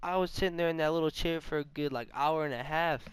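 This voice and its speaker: A young man casually telling a rambling, animated story while gaming, full of fillers and asides. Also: a little high, fast, clear, resonant tone, no echo. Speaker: vlogger.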